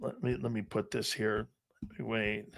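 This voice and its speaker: A man hosting a sports talk show, rambling through stories and growing animated as he reads out a list. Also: on the low side, measured pace, vocal fry. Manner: rambling storyteller, animated when reading a list. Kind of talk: casual sports talk monologue.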